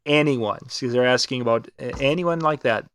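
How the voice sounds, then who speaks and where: A man's voice: mid-range voice, moderate pace, fairly bright tone, smooth, no echo. Upbeat rambling man on a live stream. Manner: rambling, restarts and fillers, upbeat promo talk. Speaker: co-host of a live DJ web show. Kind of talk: casual live-stream chat.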